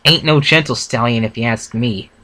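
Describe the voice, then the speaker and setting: A man's voice: medium pitch, moderate pace, sharp tone, a little hiss or hum, lightly acted. A man voicing a humble country stallion in a storybook reading, polite and hopeful. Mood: earnest.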